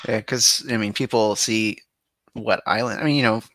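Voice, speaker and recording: Bright-toned easygoing man chatting. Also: fairly low pitch, fairly even intonation, moderate pace, no room sound, clean studio sound. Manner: easygoing, laughs often. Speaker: podcast co-host. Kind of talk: casual chat reviewing gameplay.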